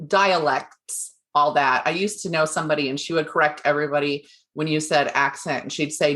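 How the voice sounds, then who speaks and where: Chatty woman podcast host, lowish voice. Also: steady tone, a little fast, few pauses, fairly bright tone. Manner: chatty, laughs often. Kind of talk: casual chat.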